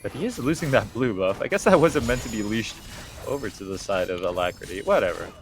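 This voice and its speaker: A man's voice: fairly low pitch, lively intonation, brisk, faint music behind. A man giving casual color commentary on an esports match, laid-back and jokey, laughing often.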